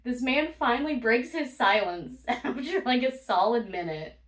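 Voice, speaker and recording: A woman's voice: a little high, lively intonation, normal speed. A woman vlogger telling casual stories, blunt and profane, laughing often as she talks. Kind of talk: casual storytime monologue. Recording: roomy, from a distance.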